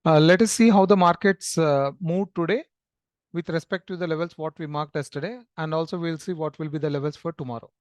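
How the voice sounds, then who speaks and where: A man walks through a trading chart as a screen-share lesson, explaining in a steady, filler-laden way. His voice sits a little high for a man and is recorded close and dry, with no room sound. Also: brisk, no room sound. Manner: explanatory, with frequent fillers and restarts. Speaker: trading educator.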